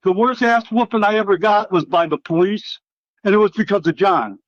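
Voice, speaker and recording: A man's voice: high-pitched, brisk, dry recording. A middle-aged man, a former wrestler, telling rambling, profanity-laced stories in a casual interview and acting out what others said. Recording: slightly dull, dry recording.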